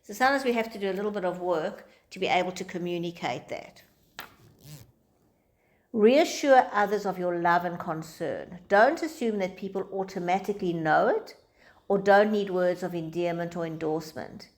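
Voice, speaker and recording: A woman's voice: lowish voice, moderate pace. A woman teacher giving an informal lecture to a small group, talking conversationally and acting out quoted dialogue in different voices.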